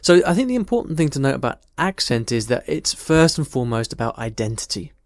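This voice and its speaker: A man's voice: mid-range voice, sing-song, fast talker, no room sound. Man explaining in a dry voice. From United Kingdom. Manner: thoughtful, conversational, tells personal stories. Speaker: English teacher. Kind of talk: casual explanatory talk answering a question.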